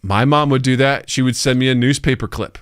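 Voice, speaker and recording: A man with a medium-pitched, clean-toned voice talks briskly as a podcast co-host in a dry, clean studio recording. Chatting casually, he tells animated stories and acts out the people in them.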